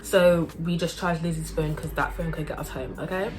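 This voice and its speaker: A young woman telling a casual, animated storytime full of slang and acted-out voices. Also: deep voice, normal speed, faint music behind. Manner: animated, slangy, acts out everyone's lines.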